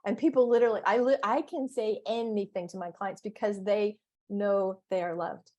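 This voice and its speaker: A woman coach telling stories in a casual interview chat, playful and animated, with big exclamations. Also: medium pitch, moderate pace.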